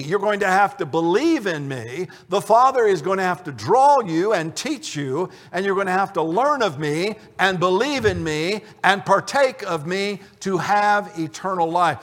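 A man's voice: sits high, a bit bright. A man giving a conversational Bible teaching, telling the story and acting out the dialogue. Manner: storytelling, acts out the dialogue in the scene. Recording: long reverb of a large hall.

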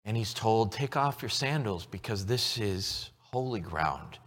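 A man preaching a sermon as pastor, swinging between emphatic, loud lines and hushed, quiet ones. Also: lowish voice, animated, a little slow, long reverb tail.

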